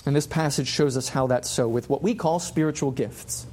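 A man's voice: mid-range voice, normal speed, a little mellow, slight background noise. A man preaching a sermon, passionate and full of repeated rhetorical questions.

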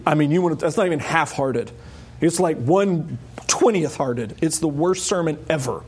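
A man preaching an expository sermon, emphatic, with wry asides and high urgent peaks on key points. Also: animated, moderate pace, husky. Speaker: pastor.

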